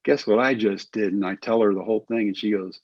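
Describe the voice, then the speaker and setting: A middle-aged man, a former pitcher, telling his story in an interview and acting out the quoted lines. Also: fast talker, dry recording, dull audio. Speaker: guest, former pitcher and coach.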